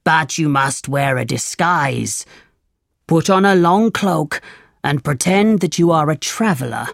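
A stern, angry leader of thieves barking orders, as a storybook reader puts him on. The voice is gravelly and unhurried, each command laid down slowly. It sits close and dry, with no room around it. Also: mid-range voice, expressive, dry recording. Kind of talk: storybook reading.

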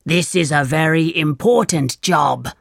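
Reader playing a commanding bandit chief in a storybook, stern and gravelly, slow. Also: mid-range voice, dry recording, clean studio sound. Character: angry commanding male leader of a band of thieves. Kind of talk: storybook reading.

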